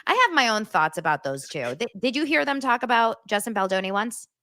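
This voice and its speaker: A woman hosting a casual chat podcast, telling stories quickly and excitedly, laughing often. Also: on the high side, no room sound, studio quality. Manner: excitable, fast storytelling with lots of laughs. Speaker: podcast host. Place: home studio set.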